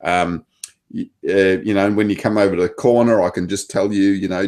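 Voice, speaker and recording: A man's voice: sits low, fairly quick, a little mellow. An Australian man, a table tennis coach, chatting casually with many fillers and restarts. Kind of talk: casual chat.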